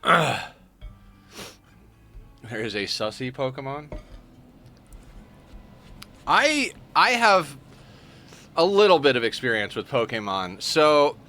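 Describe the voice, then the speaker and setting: Sleepy male streamer, casual and jokey, bright tone, lively up-and-down delivery. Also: medium pitch, slow pace, long pauses, soft background music. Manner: chatty, joking, greets chat by name. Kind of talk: casual livestream chat.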